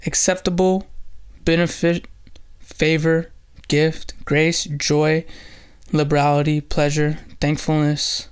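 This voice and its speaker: A man's voice: a little high, little pitch movement, slow pace, clean tone. A man hosting a bible study, teaching earnestly through scripture as a preacher. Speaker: pastor and host.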